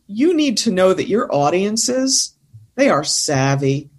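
A woman's voice: mid-range voice, very animated, takes it slowly. A woman speaking coach in a podcast conversation, talking in an emphatic, insistent, teacherly way.

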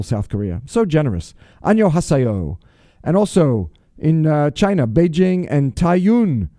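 A chatty male radio host with a fairly high, mellow voice that swings up and down with lots of lively energy. He rattles through shout-outs and plugs in an upbeat, playful way, and the studio sound is dry and close. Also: unhurried, no room sound. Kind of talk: casual radio talk.

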